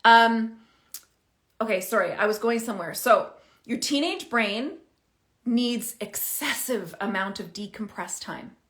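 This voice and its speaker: A middle-aged woman talking casually to camera as a parenting coach, animated and chatty, thinking out loud as she explains. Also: on the high side, unhurried. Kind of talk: casual direct-to-camera advice.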